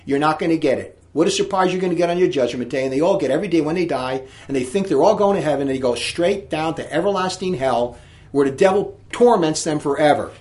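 A man's voice: a little high, fast, a little mellow. A man preaching a sermon, reading scripture aloud in a fiery, emphatic way.

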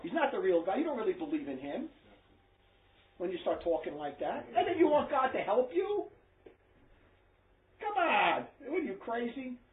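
A man's voice: high-pitched, big pitch swings, moderate pace, pauses often, slight background noise. A man preaching to a small group in a blunt, emphatic, scolding way. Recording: echoey tinny phone-like recording.

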